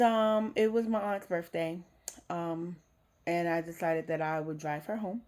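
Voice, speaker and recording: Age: adult. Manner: frank, low mellow woman. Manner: frank and emotional, swears casually. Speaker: vlogger. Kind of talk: candid personal storytelling.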